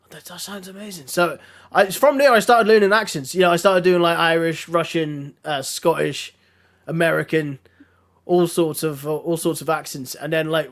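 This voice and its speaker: Hoarse guy chatting on a podcast, kinda gravelly, laughs a lot. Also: on the high side, a bit bright. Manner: chatty, laughs often, restarts. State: hoarse from a throat infection. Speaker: guest streamer. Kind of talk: casual podcast chat.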